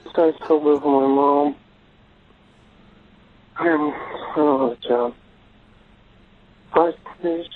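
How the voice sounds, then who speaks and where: A male caller leaving a rambling, stumbling, pleading voicemail. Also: fairly high pitch. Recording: muffled phone voicemail.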